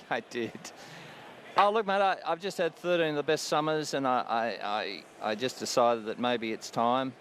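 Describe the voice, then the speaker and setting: A man's voice: mid-range voice, moderate pace, slight background noise. A radio cricket commentator in his sixties, chatting casually on air and laughing often at his own stories. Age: 60s. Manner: chuckling, warm-hearted, laughs often.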